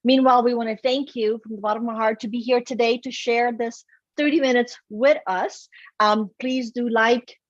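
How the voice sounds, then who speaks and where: A woman's voice: a little high, fairly even intonation, normal speed, no echo, muffled recording. A woman hosting a live cooking show from her kitchen, talking through her dish with small fillers. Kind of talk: casual cooking demo chat. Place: home kitchen.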